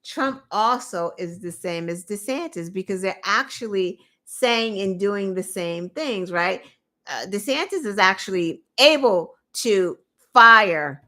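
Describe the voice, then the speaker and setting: A woman host giving opinionated political commentary, indignant and animated, with mocking asides. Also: medium pitch.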